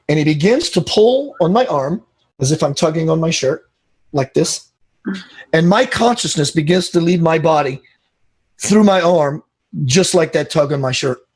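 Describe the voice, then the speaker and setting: A man being interviewed as a spiritual teacher, telling an animated story and acting out the dialogue. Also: a little high, slightly rough.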